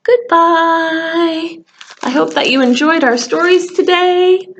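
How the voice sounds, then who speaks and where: A woman librarian leading a children's story time, reading aloud with lively expression and singing a simple goodbye song. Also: extremely high pitch, normal speed, lo-fi sound, a little hiss or hum. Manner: animated storytelling, sings a call-and-response song.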